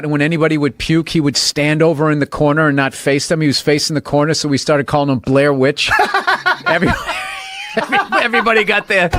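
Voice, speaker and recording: A man's voice: fairly high pitch, a bit bright, a little hiss or hum. A man chatting casually, telling profane stories and laughing through them. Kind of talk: casual chat.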